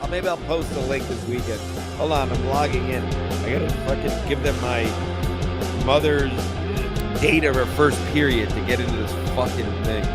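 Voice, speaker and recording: A man's voice: fairly high pitch, normal speed, music in the background. Brash, profane male sports podcaster. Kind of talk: casual sports picks talk.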